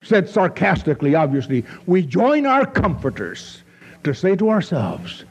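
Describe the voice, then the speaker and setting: A man preaching a sermon, his voice rising to emphatic peaks and then dropping low and slow. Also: huge pitch swings, a little mellow, husky. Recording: dull lo-fi recording.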